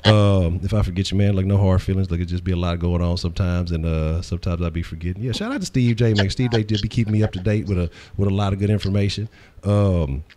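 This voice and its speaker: A man hosting a casual sports talk stream, loose and profane, full of hyped shout-outs. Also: low voice, fairly even intonation, fast talker, few pauses. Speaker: host.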